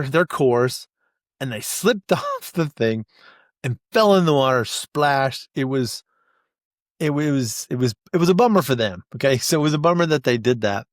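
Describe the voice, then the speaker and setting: A man's voice: on the high side, no room sound, clean studio sound. A man hosting a podcast as a casual monologue, rambling and self-deprecating, with frequent restarts and light laughs. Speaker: podcast host.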